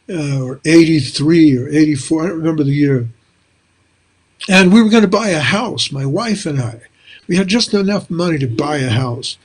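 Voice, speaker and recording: Older man, animated storyteller. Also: a little high. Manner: animated, acts out quoted dialogue. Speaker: interview guest, spiritual author. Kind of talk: casual storytelling conversation. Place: small room with a wall of books.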